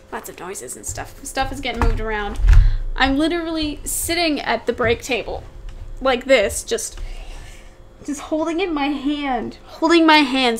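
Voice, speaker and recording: A woman's voice: high voice, a little hiss or hum. A young woman co-hosting a podcast, telling a long story in casual chat, rambling and repeating herself as she acts out what people said. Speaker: podcast co-host.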